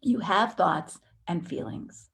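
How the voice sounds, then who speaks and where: A woman teaching a counseling course in a conversational way, acting out inner thoughts with sudden jumps in pitch. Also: slow pace, vocal fry, fairly bright tone.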